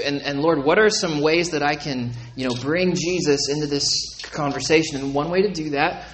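A man's voice: fairly high pitch, moderate pace, hardly any pauses, fairly bright tone, slight background noise, low-quality recording. Conversational man preaching a sermon. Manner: conversational preaching, asks the congregation for agreement. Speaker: pastor.

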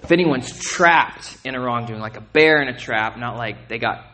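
A man preaching a sermon in a conversational way, often asking "okay?" and "right?", repeating and restarting words, and rising in pitch and volume when he gets emphatic. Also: moderate pace, bright, forceful tone. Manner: conversational, asks listeners to check in with "okay?" and "right?". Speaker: pastor.

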